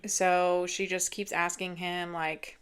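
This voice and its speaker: A woman's voice: on the low side, level tone, slow pace, smooth. A woman giving a casual, chatty book review rant, retelling the story with lots of "like" and acting out the lines.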